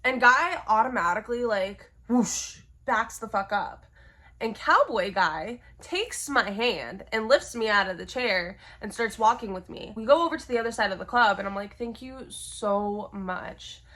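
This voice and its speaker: A young woman telling a personal story to camera, candid and expressive, swearing freely. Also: fairly high pitch, moderate pace. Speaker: vlogger. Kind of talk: storytime monologue.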